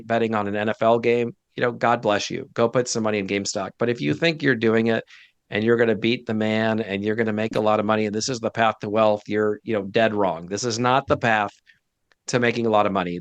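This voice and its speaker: A man's voice: lowish voice, dry recording. A man speaking as a guest financial advisor in a casual interview, direct and emphatic with blunt opinions.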